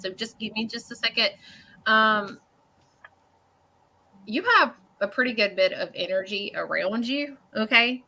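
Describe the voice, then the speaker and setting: Speaking with a pushed, bright quality at medium pitch, this woman does a live psychic reading for a caller. She's earnest but halting, fills pauses constantly, keeps asking "okay?", and doesn't soften her words.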